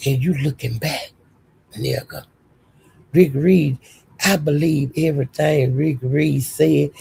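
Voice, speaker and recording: A woman hosting a livestream and telling a story as a heated rant, profane and scolding, with animated storytelling. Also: low voice, vocal fry, slightly rough. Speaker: livestream host.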